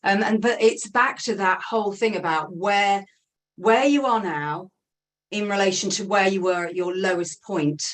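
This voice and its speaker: A woman's voice: mid-range voice, normal speed. Author joining a call, female, rambling casual chat. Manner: chatty, with many fillers, repeats "it's true, isn't it?".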